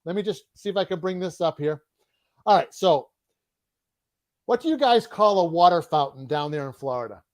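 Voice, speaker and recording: A man's voice: sits high, lively intonation, normal speed, long pauses. A man from Boston with a Boston accent, hosting a live online interview, upbeat and repeating key words as he quizzes his guest. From Boston, USA. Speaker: host.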